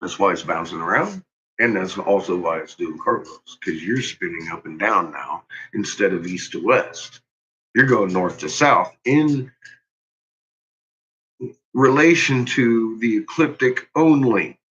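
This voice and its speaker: A man's voice: sits low, lively intonation, measured pace, a bit bright, slight background noise. A man ranting casually and with exasperation, swearing often and laughing at his own points. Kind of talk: profane casual rant. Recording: dull lo-fi recording.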